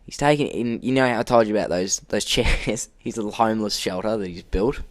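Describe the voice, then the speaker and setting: A young man telling an animated work story on a podcast, acting out quotes and laughing often. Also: on the low side, brisk, no room sound. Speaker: podcast co-host. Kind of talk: casual storytelling.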